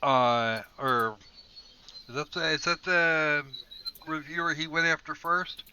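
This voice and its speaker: A man hosting a casual panel chat, talking loosely with halting fillers. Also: fairly high pitch, fairly even intonation, over a noisy crowd. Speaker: podcast host. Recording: dull lo-fi mic with faint hiss.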